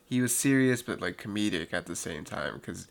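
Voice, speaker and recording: Low gravelly laid-back man. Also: animated, normal speed, heavy background noise. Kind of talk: casual movie chat.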